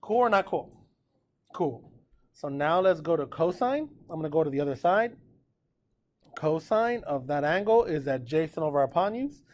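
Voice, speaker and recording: A man teaching a precalculus class in a relaxed, chatty way, often checking in with his students. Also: fairly high pitch, moderate pace. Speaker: math teacher. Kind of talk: classroom lecture recorded with notes.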